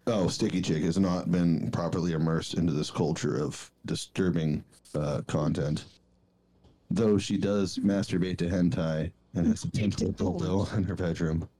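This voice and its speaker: Low mellow guy on a podcast, blunt and crude, just shooting the shit. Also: steady tone, a little slow, slight background noise. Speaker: podcast co-host. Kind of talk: crude casual banter.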